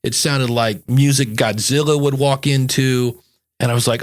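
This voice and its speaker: A man hosting a podcast, his voice sitting at an ordinary middle pitch. He chats casually, rambling from one point to the next. Along the way he acts out quick little asides in an animated way. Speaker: podcast coach and host. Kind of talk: casual chat.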